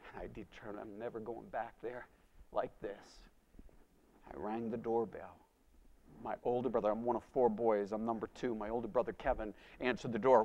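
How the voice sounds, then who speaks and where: A man preaching a sermon and telling his testimony as a dramatic story, swinging from loud to hushed. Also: medium pitch, steady tone, a little fast, muffled recording.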